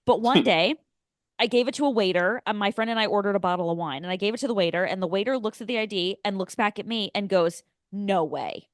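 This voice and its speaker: A woman co-hosting a movie podcast, telling stories in a lively way and acting out other people's voices. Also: mid-range voice, quick pace, few pauses, dry recording, clean studio sound. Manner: animated storyteller, acts out quoted voices. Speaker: podcast co-host. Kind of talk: casual storytelling chat.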